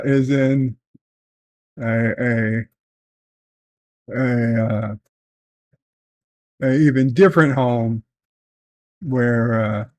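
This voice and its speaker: A man vlogging from home, telling a family story in a slow, halting way with many fillers and restarts. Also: mid-range voice, a little mellow. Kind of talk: casual storytelling. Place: at home, in bed.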